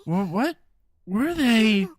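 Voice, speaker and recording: A woman's voice: a little high, sing-song, takes it slowly, a little hiss or hum. A woman voicing a frightened teenage schoolgirl who is lost on her own, stammering and panicky. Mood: shaken. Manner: panicky, stammering, breathless questions. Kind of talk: dramatic game dub read-along.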